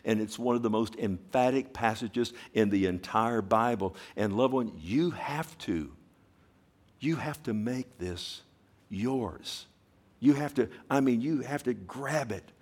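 Male pastor, mid-pitched, fervent sermon delivery, wide swings in volume. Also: unhurried, slightly rough. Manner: impassioned, swings from hushed to loud; asks the congregation questions.

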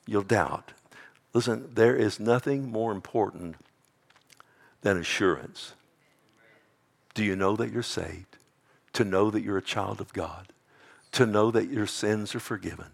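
A man preaching a sermon, swinging between hushed, drawn-out lines and loud ones, often calling out "amen" and "loved one" to his listeners. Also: fairly low pitch, gravelly. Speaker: pastor.

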